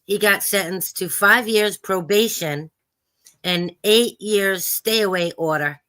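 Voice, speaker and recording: A woman's voice: mid-range voice, slow pace, sharp tone, dry recording. A woman from New York with a Brooklyn Italian accent, chatting bluntly and insistently as a guest on a live call-in show. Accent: Brooklyn Italian-American New York. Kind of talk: casual call-in chat.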